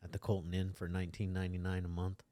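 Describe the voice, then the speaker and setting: A man's voice: deep voice, completely flat delivery, fast, mellow. A middle-aged man from the United States talking candidly on a podcast, rambling and restarting his sentences. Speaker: podcast host. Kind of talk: casual conversation.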